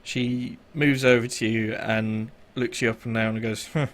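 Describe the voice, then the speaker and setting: A man's voice: mid-range voice, level tone. A man narrating as game master of a tabletop role-playing session, casual and full of fillers. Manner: casual, filler-heavy narration with quick voiced asides.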